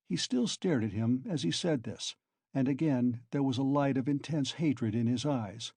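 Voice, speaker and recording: A man reading an audiobook narration in a measured storytelling manner, close to the mic. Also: medium pitch, a little mellow, slightly rough, no room sound. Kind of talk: scripted narration.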